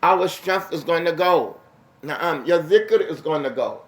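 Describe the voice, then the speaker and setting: A man teaching a mosque lesson, reciting Arabic verses quickly and then explaining them in English with rising emphasis. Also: a little high, lively intonation. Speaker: imam teaching a class. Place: mosque hall. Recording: echoey mosque room.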